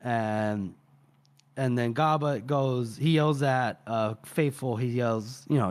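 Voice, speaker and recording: A man co-hosting a podcast who retells a book chapter in a rambling, animated way, swearing casually and filling pauses with "uh" and "you know". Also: medium pitch. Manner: rambling, animated, profane, with many fillers. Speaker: podcast co-host.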